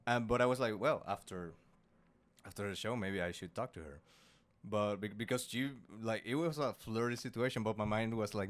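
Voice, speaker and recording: A man's voice: on the low side, normal speed. A man with a Spanish accent hosting a casual podcast chat, often repeating words and laughing as he talks. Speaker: podcast host.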